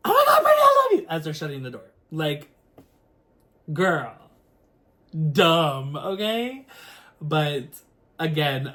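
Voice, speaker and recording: A man, a singer, telling a story to the camera in a casual, animated way, full of filler words and the odd swear word. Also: a little high.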